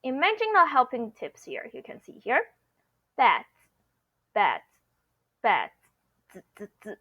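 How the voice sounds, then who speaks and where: A woman teaching a pronunciation lesson, slowly and patiently drilling each sound. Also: high-pitched, wildly swooping pitch, muffled recording. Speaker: Mandarin teacher.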